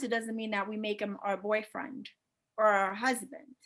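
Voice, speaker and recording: A woman relationship and sex coach talking casually on a panel, animated and often acting out quoted dialogue. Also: medium pitch, normal speed.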